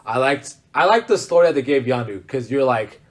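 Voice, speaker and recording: A young man in casual podcast chat, enthusiastic and rambling. He strings thoughts together with fillers and restarts. His pitch sits in an ordinary middle range. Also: expressive, brisk. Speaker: podcast co-host.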